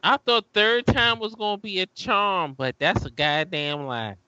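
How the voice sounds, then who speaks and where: A man's voice: sits high, unhurried, bright, forceful tone, dry recording. A man co-hosting a casual movie commentary chat, blunt, profane and scoffing, on slightly dull lo-fi audio. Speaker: podcast co-host.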